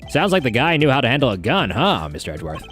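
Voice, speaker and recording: A man's voice: mid-range voice, huge pitch swings, quick pace, soft background music. A man doing an eager, loyal detective. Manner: bright, eager, deferential.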